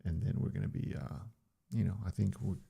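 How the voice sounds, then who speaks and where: A man's voice: brisk, warm tone. An older man chatting casually on a live stream, loose and rambling, speaking into a studio microphone. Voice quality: deep gravelly voice. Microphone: studio dynamic microphone.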